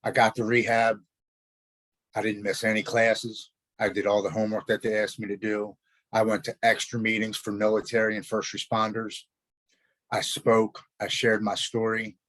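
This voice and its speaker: A man telling his own story in a blunt, halting way, with repeated words and swearing. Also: on the low side, level tone, a bit bright, no echo. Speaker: storyteller recounting his recovery. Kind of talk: personal spoken story.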